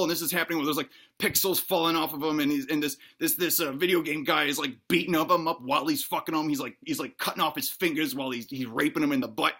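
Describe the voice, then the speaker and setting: A man's voice: on the high side, fast, few pauses, husky. Man rambling through a crude comic tale. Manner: rambling, crude and deadpan, with many restarts. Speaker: comedic storyteller. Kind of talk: improvised comedic storytelling.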